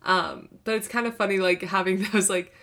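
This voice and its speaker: A young woman co-hosting a podcast in casual chat, speaking warmly and effusively. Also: mid-range voice, fairly even intonation, moderate pace. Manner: warm, effusive, heartfelt. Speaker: podcast co-host.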